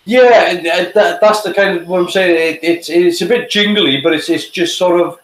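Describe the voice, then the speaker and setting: A man's voice: sits high, normal speed, roomy sound, low-quality recording. A man hosting a casual live reaction, speaking in an opinionated, hesitant way with many restarts. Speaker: show host reviewing TV.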